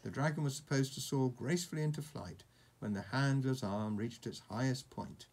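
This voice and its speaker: A man reads a storybook aloud to a child at an ordinary pitch, with a husky, slightly rough voice. He pauses now and then to point out the pictures. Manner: warm asides, chuckles at the pictures.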